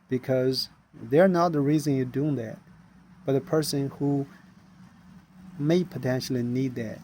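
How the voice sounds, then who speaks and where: A middle-aged inventor with a mid-range, slightly mellow voice earnestly relates his own story in non-native English. He performs the voices of the people he came across.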